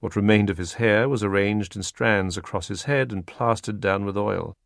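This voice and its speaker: Low-voiced man narrating an audiobook. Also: vocal fry, dry recording, studio quality. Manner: steady, measured reading. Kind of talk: scripted narration.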